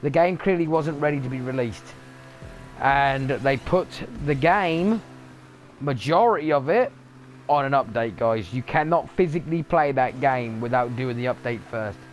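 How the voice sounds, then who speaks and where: A man's voice: medium pitch, lively intonation, normal speed, slight background noise. A man ranting angrily in a sweary gaming vlog monologue. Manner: angry, sweary rant. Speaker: gaming vlogger.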